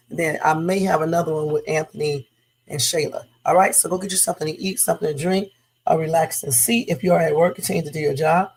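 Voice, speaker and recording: A woman's voice: on the low side, low-quality recording. A woman hosting a casual reaction livestream in her morning voice, chatty and loose. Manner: chatty, loose, with fillers and Southern-style talk. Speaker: reaction streamer.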